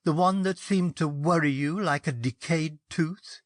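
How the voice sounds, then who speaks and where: A man reading a story aloud, voicing a bold young woman in a brisk, lightly mocking way. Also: fairly high pitch, no room sound, clean studio sound, pitched above the performer's own voice, lightly acted. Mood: bemused.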